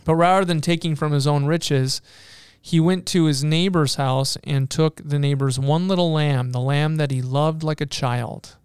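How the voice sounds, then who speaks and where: A man voicing a male prophet who tells a parable to a king in a measured way. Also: a little high, fairly even intonation, darkish tone, clear, resonant tone, no room sound, studio quality, lightly acted. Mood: earnest.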